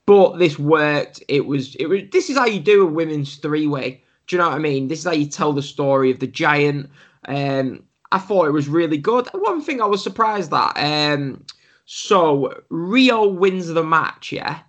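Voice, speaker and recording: A man's voice: on the high side, lively intonation, moderate pace, a bit bright, lo-fi sound. A man co-hosting a podcast, talking casually and bluntly, often asking if the listener gets his point. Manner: blunt, opinionated, keeps asking "do you know what I mean". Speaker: podcast co-host. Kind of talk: casual chat.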